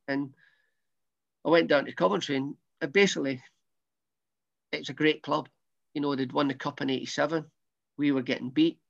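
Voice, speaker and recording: A middle-aged man with a softened Scottish accent tells his story in a loose, rambling way, often repeating himself and restarting sentences. His voice sits a bit high and has a gravelly edge. The recording sounds slightly dull and lo-fi. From Scotland. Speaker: former footballer, guest. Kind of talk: casual storytelling interview.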